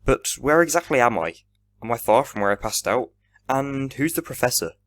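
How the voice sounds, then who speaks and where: A man's voice: mid-range voice, animated, moderate pace, a bit bright, voice pushed up, lightly acted. A man voicing a shaken, wary young schoolteacher in a fan audio drama, asking anxious questions.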